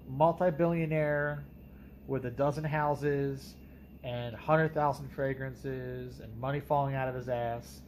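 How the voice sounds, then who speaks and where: A man's voice: mid-range voice, a little mellow, slight background noise, rough recording. A man reviewing perfumes in a casual monologue, talking bluntly and emphatically with some profanity.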